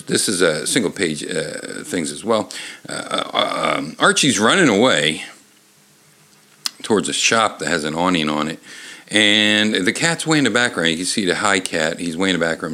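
50 yr old guy reading a kids book out loud, rambly and jokey, low but bright voice. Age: 50s. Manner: joking, halting, lots of fillers. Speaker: picture book reader. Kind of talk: rambling read-aloud with commentary.

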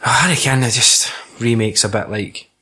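A man's voice: mid-range voice, steady tone, normal speed, sharp tone, slightly rough. A young Scottish man in casual film chat, sweary and laughing often as he co-hosts. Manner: laughing, sweary, puts on silly voices. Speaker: podcast co-host.

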